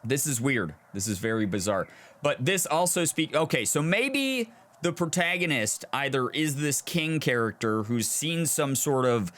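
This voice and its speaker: Young man giving animated gameplay commentary. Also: medium pitch, a little slow. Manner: animated, thinking aloud, reflective. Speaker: gaming video host. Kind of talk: let's play commentary.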